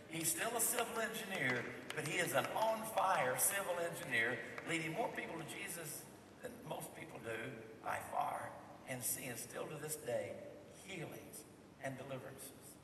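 A man preaching a sermon as a pastor, telling a story with passion and rising to loud peaks. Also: a little high, lively intonation, normal speed, vocal fry. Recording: echoey hall, distant mic, faint noise.

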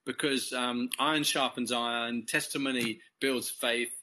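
Slightly slow and fairly even in intonation, the English guest's mid-range voice comes across bright and forceful. He is a Christian course leader recounting his faith in a casual, rambling conversational testimony, stumbling into false starts and letting out small laughs.

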